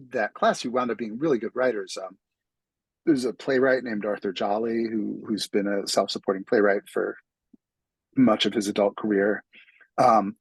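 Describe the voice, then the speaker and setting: With a fairly low, husky voice, this male author from New York City chats casually as an interview guest. He keeps restarting as he tells stories at his own expense, captured on a low-quality recording with no echo.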